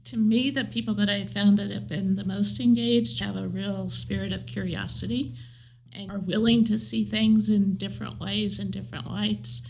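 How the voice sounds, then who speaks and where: Gravelly, husky-voiced Midwestern woman. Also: mid-range voice, fairly even intonation, normal speed, rough recording. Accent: American Midwestern. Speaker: guest, leadership trainer. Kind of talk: conversational interview answers.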